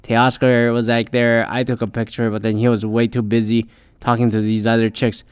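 A man's voice: mid-range voice, level tone, normal speed, clear, resonant tone, dry recording. A young man telling a story in a rambling, casual way, swearing often and filling gaps with "uh" and "like.". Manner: rambling, heavy swearing, frequent fillers.

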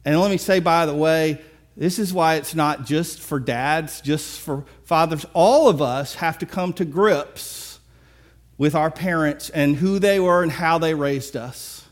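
A man preaching a sermon, retelling a story with lively, acted-out dialogue. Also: fairly high pitch, a little slow. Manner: animated storytelling, acts out characters. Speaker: pastor.

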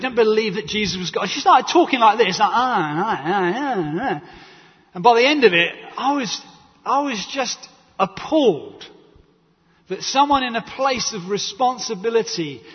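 A man preaches in a high, slightly husky voice, his words carrying a long reverb through a church hall. He tells stories with animated energy and acts out what others said. The recording sounds dull and muffled. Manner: animated storytelling with acted quotes and laughter. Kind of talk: sermon.

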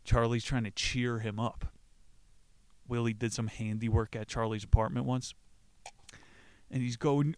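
A man's voice: medium pitch, little pitch movement, measured pace, pauses often, clear, resonant tone, no room sound. A man hosting a podcast, retelling a play in a casual, profane way and laughing as he acts out the characters' lines. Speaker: podcast host.

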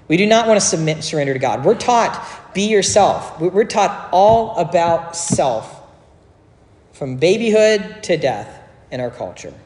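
Pastor giving a sermon, chatty w little jokes, mid pitch, echoey church room. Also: big pitch swings, unhurried, darkish tone. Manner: conversational preaching with joking asides. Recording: echoey hall with long reverb.

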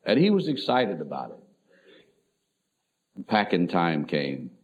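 A middle-aged man, a pastor, telling an emotional personal story in a sermon, swinging between loud and soft. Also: sits low, sing-song, a little slow, husky. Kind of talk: sermon testimony. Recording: tinny phone-like lo-fi recording.

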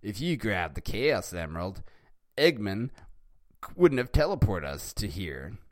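A man's voice: on the low side, very animated, unhurried, dry recording. A man voicing a grim male hedgehog rival who blames his companion. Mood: accusing.

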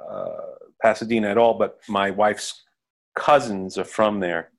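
A middle-aged man, a musician and producer, talking as a guest in a casual interview, halting with many fillers. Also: on the low side, fairly even intonation.

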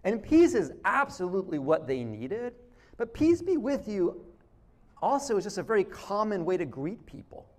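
A man preaching a sermon in a relaxed, conversational way, restarting phrases and acting out quotes. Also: high-pitched, moderate pace. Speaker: pastor.

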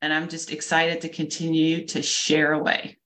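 A woman in her fifties from Louisville, Kentucky, upbeat and enthusiastic, introduces herself as a nurse and nutrition coach co-hosting a health podcast. Her voice is low-pitched and a bit bright, with a monotone delivery at normal speed.

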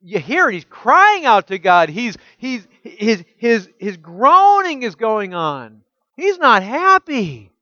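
A man preaching a sermon as pastor, emphatic and full of rhetorical questions, dropping soft and low when quoting scripture. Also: big pitch swings, slow pace, no echo, lo-fi sound.

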